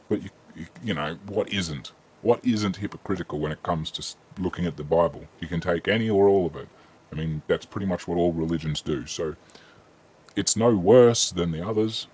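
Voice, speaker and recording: A man's voice: sits low, a little mellow, husky. An Australian man hosting a casual live-stream Q&A, chatting easily and reading viewer questions aloud with frequent ums.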